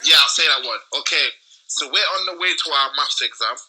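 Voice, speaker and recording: A young man rambles excitedly through a school story, full of slang. His voice sits a little high and sounds very bright and sharp. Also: fairly quick, low-quality recording. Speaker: podcast co-host. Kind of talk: casual storytelling chat.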